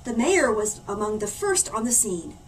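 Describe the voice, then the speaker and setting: A woman librarian reading a storybook aloud to children, expressive and animated. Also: medium pitch, moderate pace. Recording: distant mic, faint room hum.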